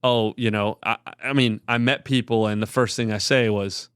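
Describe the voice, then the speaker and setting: A man's voice: lowish voice, steady tone, moderate pace, clear, resonant tone, no echo, clean studio sound. A man in his thirties, a podcast guest, sharing a personal story in an earnest, rambling way with many filler words. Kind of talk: candid conversational storytelling.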